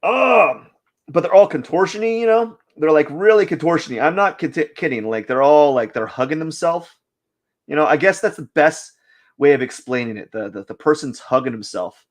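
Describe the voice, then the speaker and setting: A man's voice: fairly high pitch, expressive, normal speed. Rambling, joking man drawing on a live stream. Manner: rambling, joking, puts on silly voices for figures. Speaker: artist streaming a drawing session. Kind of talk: casual live-stream chatter while drawing.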